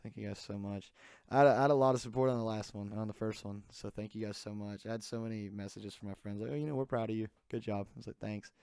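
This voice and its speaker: A man's voice: lowish voice, flat delivery, fast talker, a little mellow, clean tone, no echo, studio quality. A man hosting a casual solo podcast, rambling with many fillers and restarts. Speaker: podcast host.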